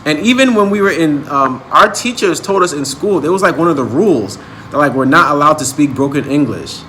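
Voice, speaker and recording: A man's voice: a little high, animated, fairly quick, pushed and bright, a little hiss or hum. A young man from Nigeria hosting a language-learning channel, talking earnestly and persuasively to camera in a casual vlog monologue. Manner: earnest, persuasive, rising in intensity when making a point.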